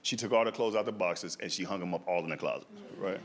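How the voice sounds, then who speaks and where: A man's voice: low-pitched, fast talker. A male stand-up comedian telling a story to a live audience in a conversational way, often tagging lines with "right?". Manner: conversational, leans on "right?" and "dog". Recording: live show with audience noise.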